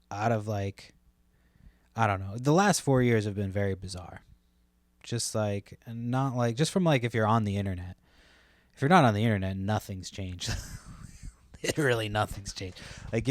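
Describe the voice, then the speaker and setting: A man's voice: fairly low pitch, a little mellow, no echo. A man, rambling casually and profanely as a solo podcast host, full of fillers.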